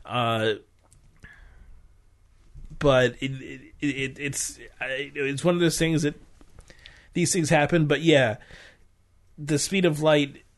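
A man's voice: a little high, steady tone, slow pace, pauses often. A man in casual podcast chat, explaining science with many restarts.

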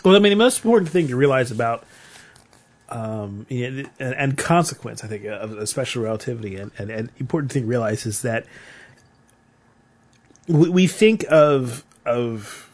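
A man's voice: medium pitch, expressive, normal speed. Man, podcast co-host, earnest explainer, repeats words, casual chat.

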